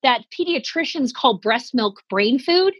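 A woman in her forties telling comic stories about aging, animated and self-deprecating, acting out little quotes. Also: high-pitched, measured pace, breathy edge, no room sound, muffled recording. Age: 40s. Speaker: comedian guest. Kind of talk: comedic storytelling in conversation.

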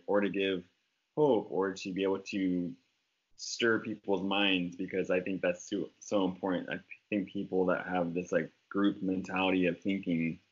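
A man co-hosting a podcast, rambling in casual chat with lots of "like". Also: low voice. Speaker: podcast co-host, musician. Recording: dull lo-fi sound.

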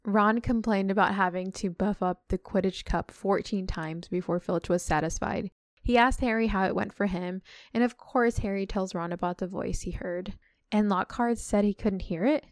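A woman's voice: medium pitch, normal speed, no echo. A woman hosting a podcast, summarizing a book aloud and breaking off for casual chat with her co-hosts. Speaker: podcast host retelling a book.

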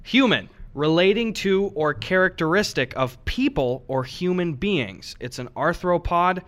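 Joking, lively higher-voiced man. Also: a little slow. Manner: joking, swears casually. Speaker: podcast co-host. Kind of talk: casual chat.

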